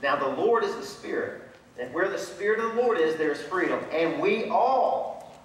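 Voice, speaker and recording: High-voiced preacher in an echoey hall. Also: male voice, fairly quick. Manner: animated preaching, acts out voices of Bible figures. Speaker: pastor. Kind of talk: sermon. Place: large church sanctuary. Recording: echoey church hall from far off.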